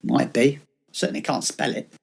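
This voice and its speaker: A man performing scripted comedy dialogue in a deadpan, grumbling manner. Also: normal speed. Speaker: comedy co-host.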